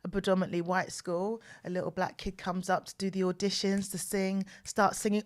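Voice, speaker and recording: A woman in her forties hosting a podcast, telling personal stories in an animated way and repeating phrases for emphasis, close to the mic. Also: mid-range voice, fairly quick, hardly any pauses. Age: 40s. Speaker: podcast host. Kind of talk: personal storytelling monologue. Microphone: mic close to the mouth.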